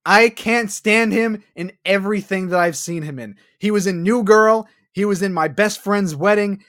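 Man, podcast co-host, casual movie review, profane, animated rant. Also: sits high, normal speed.

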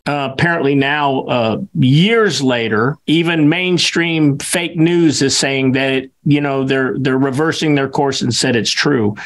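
A man's voice: medium pitch, measured pace, hardly any pauses. A man co-hosting a talk show, talking in a hesitant way with many fillers. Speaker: co-host. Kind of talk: casual talk show chat.

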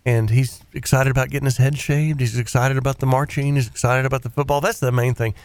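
A male radio host chats casually and rambles through stories, animated in tone. His mid-range voice sits dry and close in a private studio. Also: mid-range voice, quick pace, smooth, no room sound. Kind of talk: casual talk-show chat.

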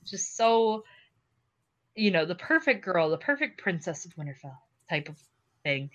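Bright, gushing tipsy woman. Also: fairly low pitch, a little slow, lo-fi sound. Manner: animated, gushing, laughs often. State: tipsy from drinking. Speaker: podcast co-host. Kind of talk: casual podcast chat.

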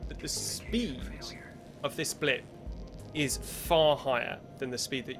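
A man running a tabletop game as game master, narrating scenes in a measured way with fillers. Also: mid-range voice. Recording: background music bed.

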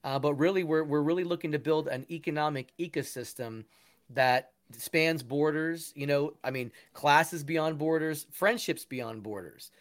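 An enthusiastic man with a fairly high voice, talking in a casual interview. He is earnest and keeps restarting his sentences as his ideas pile up. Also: normal speed. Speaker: guest, musician and education founder.

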